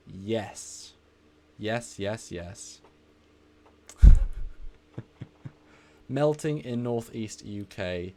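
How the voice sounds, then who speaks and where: A man's voice: fairly low pitch, extremely slow, long pauses, slight background noise. Chatty man hosting a live stream. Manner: chatty, reading out and answering viewer comments; energetic, laughs easily. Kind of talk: casual live stream chat.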